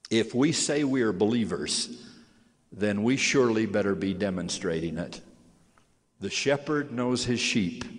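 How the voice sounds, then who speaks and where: An older man giving a sermon as a church leader, speaking slowly with solemn, emphatic testimony. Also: lowish voice. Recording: long hall reverb.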